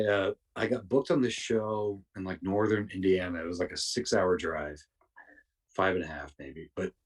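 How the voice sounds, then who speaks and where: A man's voice: fairly low pitch, breathy edge, far from the mic. A man, a podcast guest, telling rambling, profane anecdotes casually, with lots of restarts. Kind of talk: casual storytelling.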